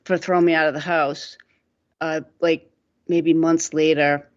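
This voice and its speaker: A woman's voice: low voice, flat delivery, measured pace. A middle-aged woman, co-hosting a radio talk show and telling stories in a rambling, casual way full of "like" fillers. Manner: rambling, laughing storyteller with many "like" fillers. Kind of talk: casual storytelling chat. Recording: dull lo-fi radio sound.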